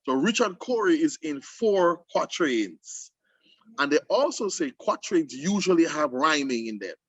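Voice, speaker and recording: A man hosting a casual poetry discussion for students, explaining emphatically with lively restarts. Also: fairly high pitch, unhurried, husky, dry recording. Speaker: host.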